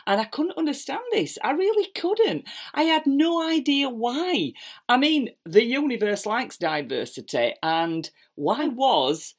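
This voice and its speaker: Low-voiced yorkshire woman, chatty and animated, talking from her kitchen. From England. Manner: chatty, animated and self-deprecating, with broad dialect. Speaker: podcast host. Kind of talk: personal storytelling monologue. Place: home kitchen.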